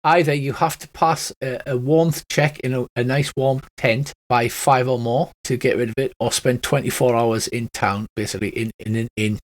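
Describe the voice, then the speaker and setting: A man, narrating a tabletop game as game master in a relaxed, rambling way. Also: medium pitch, moderate pace, few pauses. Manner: rambling, relaxed, with many fillers.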